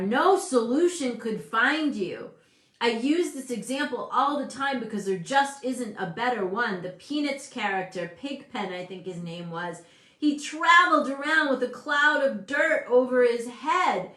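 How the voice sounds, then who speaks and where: A woman in her fifties hosting a casual motivational talk, animated and emphatic, often breaking off mid-sentence. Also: fairly high pitch. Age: 50s. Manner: animated, emphatic, self-interrupting. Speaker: host. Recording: echoey room.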